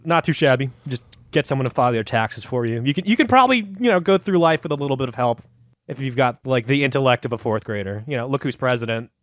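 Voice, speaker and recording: A man's voice: mid-range voice, expressive, fast talker, no room sound, clean studio sound. A man hosting a comedy podcast, telling a story in a casual, profane, joking way. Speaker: podcast host.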